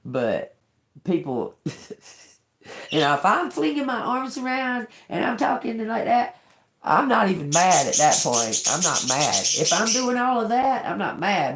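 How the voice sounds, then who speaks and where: Profane, animated woman in an echoey room. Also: mid-range voice, a little slow. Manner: blunt, profane, animated storytelling. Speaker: tarot reader livestream host. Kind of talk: casual livestream talk.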